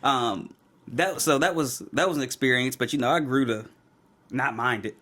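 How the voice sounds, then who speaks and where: A young man with a medium-pitched voice speaks at a normal speed on a casual podcast. As co-host, he tells long, animated stories, laughing often and acting out the people he quotes.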